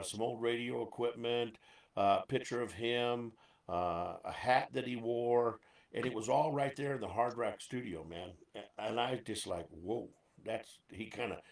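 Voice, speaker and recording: A man's voice: medium pitch, vocal fry, recorded from a distance. Laid-back man with DJ swagger, off-mic. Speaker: guest, former DJ. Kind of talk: casual storytelling chat. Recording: roomy, off-mic.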